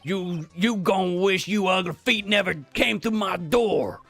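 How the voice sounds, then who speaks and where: A hot-headed mob loan shark from a video game, his voice high, gravelly and raspy. He drawls slowly and threatens in rough slang, his pitch leaping all over, with faint game music behind. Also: fairly bright tone, exaggerated voice. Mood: angry. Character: gruff hot-tempered male mafia loan shark.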